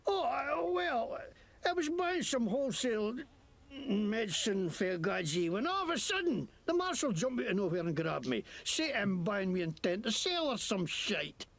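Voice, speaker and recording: Gravelly sweary crook in a video game, fake scottish brogue, pitch bouncing all over the place. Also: male voice, very animated, moderate pace, fairly bright tone, heavily acted. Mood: ranting. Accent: exaggerated fake Scottish. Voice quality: gravelly, swooping. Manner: ranting, indignant, swears a lot. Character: crooked foul-mouthed man faking a Scottish brogue.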